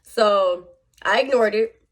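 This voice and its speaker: A young woman telling a storytime on her vlog in casual slang, animated and chatty with her viewers. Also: medium pitch, slow pace, a little hiss or hum. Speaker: vlogger.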